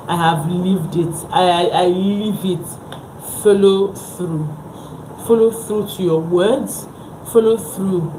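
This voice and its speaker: A woman hosting a motivational live talk, pressing her points by repeating short phrases over and over. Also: on the low side. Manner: emphatic, repeats phrases for stress. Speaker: livestream host. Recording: echoey room with background noise.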